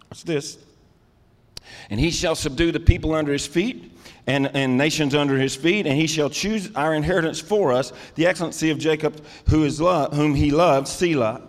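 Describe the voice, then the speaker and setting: A middle-aged man preaching a sermon, calling out to the congregation and rising into loud, emphatic bursts. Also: fairly high pitch, normal speed, long reverb tail. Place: church sanctuary.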